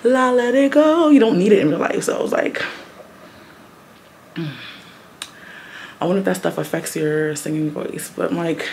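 A woman chatting into a phone held close in a doctor's office, rambling and giggling at herself, sometimes half-whispering. Her voice sits low with a gravelly fry. A noisy recording hisses underneath. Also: fairly even intonation, a little slow, long pauses, darkish tone. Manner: rambling, giggly, self-mocking; talking half-whispered at times. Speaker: vlogger. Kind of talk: casual vlog chat.

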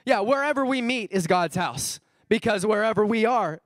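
A man in his thirties preaching a sermon as a pastor, animated, asking the congregation questions and acting out characters' lines. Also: sits high, normal speed, dry recording, studio quality. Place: church.

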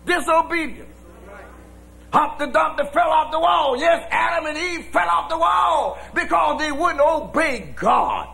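A man preaching a sermon as pastor, shouting in a folksy preaching cadence. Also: very high voice, animated, unhurried, creaky. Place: church with congregation.

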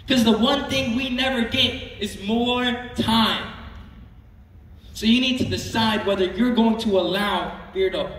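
A man's voice: high voice, a bit bright. A man preaching a sermon in an earnest way, often repeating words and asking the congregation questions. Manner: earnest, repeats himself, asks the crowd questions. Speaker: youth preacher. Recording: echoey hall from far off with music.

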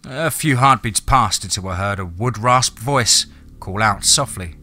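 A man narrating a scripted horror story in a measured, dramatic way. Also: on the low side, bright, forceful tone, no room sound, soft background music.

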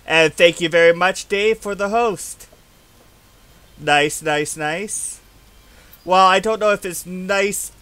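Slow-talking, high-voiced male streamer. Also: sharp tone, clear, resonant tone, no echo. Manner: rambling, musing aloud while playing. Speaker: game streamer. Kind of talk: casual live-stream chat. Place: home.

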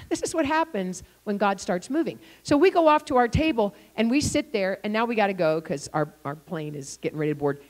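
A woman's voice: mid-range voice, a little fast. A woman preaching in a church, telling a story with acted-out quotes and frequent laughter. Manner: animated, acts out quotes, laughs often. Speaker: guest speaker. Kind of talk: sermon storytelling.

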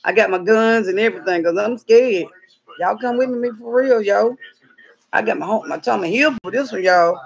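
In a muffled recording, a channel host with a medium-pitched, fry-tinged voice speaks at normal speed. She's filming a comedic outdoor vlog in the cold, excitably fretting out loud and calling her missing dog by name.

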